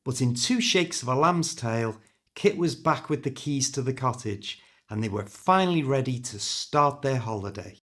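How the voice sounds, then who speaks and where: A British man narrates a story for listeners learning English, reading clearly and with feeling. His pitch sits in the middle but moves around a great deal as he reads. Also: expressive, moderate pace, fairly bright tone.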